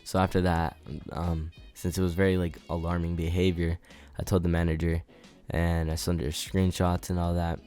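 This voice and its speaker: A man's voice: sits low, completely flat delivery, moderate pace, hardly any pauses, a little mellow, faint music behind. A young man vlogging casually, telling a personal story in a laid-back way full of "like" and "man". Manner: laid-back, filler-heavy, repeats "like" and "man".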